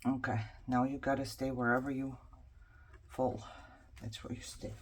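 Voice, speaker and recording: A woman chatting casually while she crafts at home. She laughs often and drops to quiet muttering as she works. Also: a bass voice, little pitch movement, moderate pace, noisy background. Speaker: craft journaling vlogger.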